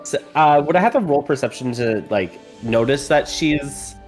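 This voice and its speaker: A player in a tabletop game, talking slowly and thoughtfully. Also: medium pitch, lively intonation, darkish tone, faint music behind.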